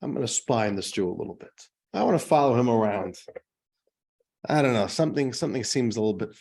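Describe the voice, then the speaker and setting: A man's voice: mid-range voice, animated, fast, gravelly, a little mellow, husky. A man voicing a suspicious, indignant male Christian priest in a told joke, accusing and exasperated.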